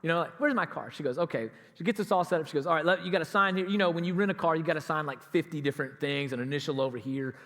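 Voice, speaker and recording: A man's voice: on the high side, very fast, few pauses, a bit bright. A man telling a story in a sermon as a pastor, acting out both sides of a conversation. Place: church sanctuary. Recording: church hall reverb.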